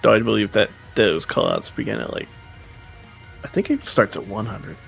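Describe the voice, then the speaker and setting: A man's voice: on the low side, moderate pace, gravelly. Stream co-host, casual man, rambling anecdotes, faint music behind. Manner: storytelling, laughing, rambling.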